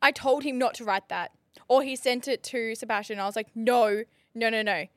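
A woman's voice: a little high, fairly even intonation, dry recording. A young woman in her twenties co-hosting a casual podcast, chiming in and laughing along with her friend. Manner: quick reactions, laughs along. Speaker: podcast co-host. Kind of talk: casual chat.

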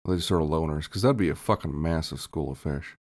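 A man co-hosting a casual comedy podcast, telling stories with animated energy and casual swearing. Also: extremely low pitch, fast. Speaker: podcast co-host.

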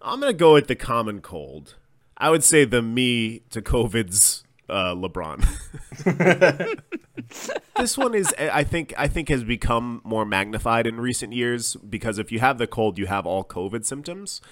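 Podcast dude riffing w friends, swears a lot, voice jumps up and down. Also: male voice, mid-range voice, big pitch swings, unhurried. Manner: swearing, loud and jokey. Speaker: podcast co-host. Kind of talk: casual comedic chat.

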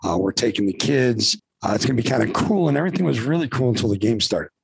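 A man's voice: mid-range voice, animated, quick pace, gravelly, breathy edge, dry recording, poor audio. A middle-aged man from Chicago hosting a podcast, telling a personal story with a tired voice and repeated restarts. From Chicago, USA. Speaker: podcast host. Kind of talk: casual podcast monologue.

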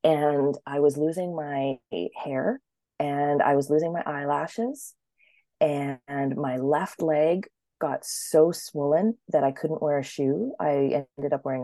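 A woman's voice: unhurried, dark tone, no room sound, studio quality. A woman in her thirties telling her story as an interview guest, chatty, often acting out what others said. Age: 30s. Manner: chatty, acts out quotes with sudden high-pitched voices. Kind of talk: casual storytelling.

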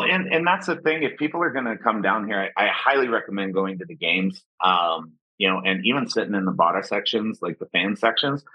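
A man's voice: fairly low pitch, breathy edge, dry recording. A man from Ohio, a podcast guest, chatting casually with lots of fillers and a self-deprecating manner. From Ohio, USA. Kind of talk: casual interview talk. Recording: dull, slightly muffled sound.

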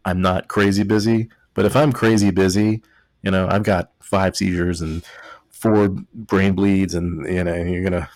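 Tipsy, laughing man with a low voice. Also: little pitch movement, unhurried, darkish tone, no echo. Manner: laughs often, rambling storytelling. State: a little drunk. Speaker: podcast co-host, doctor. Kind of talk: casual chat.

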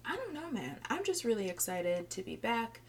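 A young adult woman chats through her solo podcast in a rambling, filler-heavy way. Her voice sounds strained and a little hoarse, with a gravelly fry. A faint hiss of noise sits under the recording. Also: on the high side, sing-song, normal speed. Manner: chatty, rambling, many fillers. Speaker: podcast host. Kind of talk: casual solo podcast chat.

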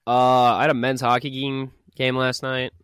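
A man's voice: medium pitch, monotone, normal speed, a bit bright, clear, resonant tone, no room sound. A young man co-hosting a casual sports podcast, joking and laughing often. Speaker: podcast co-host.

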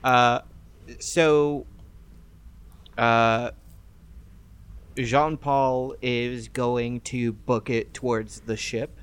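A man's voice: mid-range voice, level tone, extremely slow, pauses often, smooth. A man playing a character in a tabletop game, laid-back and hesitant with many fillers. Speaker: player. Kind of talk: casual tabletop play.

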